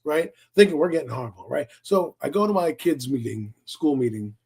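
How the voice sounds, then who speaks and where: A man co-hosting a casual sports talk show, telling profane, animated stories. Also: fairly high pitch, normal speed, a little hiss or hum. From Philadelphia area, US. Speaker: podcast co-host.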